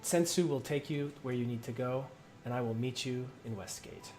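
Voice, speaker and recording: A game master voicing a secretive female undercover agent who speaks in a calm, measured way. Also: mid-range voice, faint music behind, close to an everyday voice.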